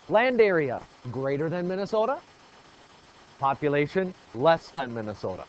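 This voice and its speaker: A man's voice: on the high side, very animated, unhurried, long pauses, a little mellow, dull audio, a little hiss or hum. A man teaching a geography lesson in a classroom, quizzing the students with call-and-response questions. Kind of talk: classroom lecture.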